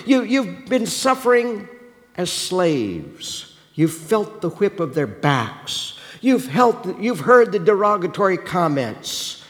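Animated high-voiced man preaching. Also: long reverb tail. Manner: animated, questioning the listeners directly, frequent restarts. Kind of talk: sermon.

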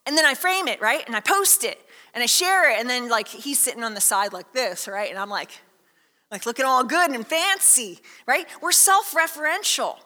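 A woman pastor preaching a sermon in a conversational, lively storytelling way with many asides. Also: high-pitched, normal speed, long reverb tail.

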